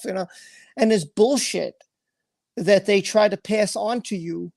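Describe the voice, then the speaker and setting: A man's voice: high voice, fairly even intonation, measured pace, gravelly, a little mellow, no room sound. A man hosting a livestream, reading out viewer comments and talking in an earnest, emotional way, repeating himself and swearing freely. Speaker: livestream host.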